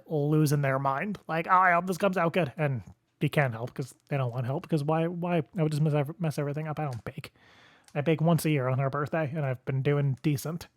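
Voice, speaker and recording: Alone on his podcast, a young man tells a rambling story in casual chat and often chuckles at himself. His voice sits on the high side, with clean studio sound and no room sound.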